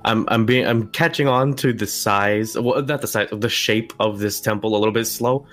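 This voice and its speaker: Lower-voiced guy at a tabletop game, halting, keeps asking questions, faint music. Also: fairly bright tone. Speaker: player.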